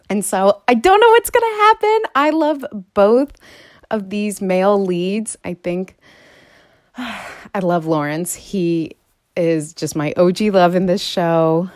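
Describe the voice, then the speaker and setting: A woman vlogger chatting casually and meandering, her voice jumping higher and louder when she gets excited. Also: dry recording, studio quality. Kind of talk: casual chat.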